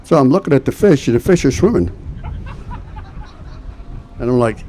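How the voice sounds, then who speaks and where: An older man gives an induction speech, telling a funny story with animated delivery. His voice sits at an ordinary male pitch. He slips into quoted voices as he goes. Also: moderate pace, long pauses, a little hiss or hum. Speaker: hall of fame inductee. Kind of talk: anecdotal speech.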